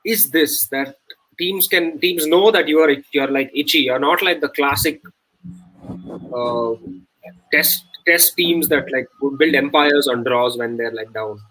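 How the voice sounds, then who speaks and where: A man's voice: fairly high pitch, measured pace, sharp tone, low-quality recording. Laughing man chatting about cricket. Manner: laughing, swears, tells anecdotes. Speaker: cricket watch-along co-host. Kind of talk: casual live-stream chat and commentary.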